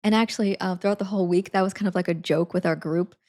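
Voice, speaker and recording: A woman's voice: lowish voice, steady tone, fast talker, a little mellow. A young woman chatting casually with her stream viewers, giggling and rambling with lots of fillers. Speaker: live streamer.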